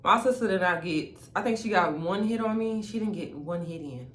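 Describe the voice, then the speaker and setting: A young woman telling a casual storytime vlog, animated, laughing often and talking to viewers as y'all. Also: medium pitch, brisk. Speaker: vlogger. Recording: echoey room with faint ambient noise.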